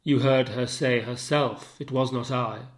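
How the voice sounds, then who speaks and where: A man reading the part of a tormented, jealous general, declaiming verse and swinging between hushed and loud lines. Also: medium pitch, fairly even intonation, a little slow, lightly acted. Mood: accusing. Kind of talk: dramatic reading of a play.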